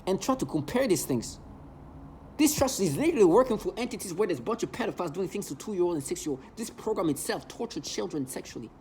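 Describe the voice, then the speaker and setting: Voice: mid-range voice, sing-song, fast talker, warm tone, slight background noise. A vlogger ranting in an agitated, emotional monologue, hurling repeated insults.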